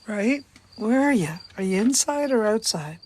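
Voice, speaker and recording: A woman's voice: on the high side, lively intonation, measured pace, a little mellow, a little hiss or hum. An older woman hosting a casual live stream outdoors, chatting to viewers, greeting them by name and repeating her questions. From Canada. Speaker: livestream host. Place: outdoors on a sunny day. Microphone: phone.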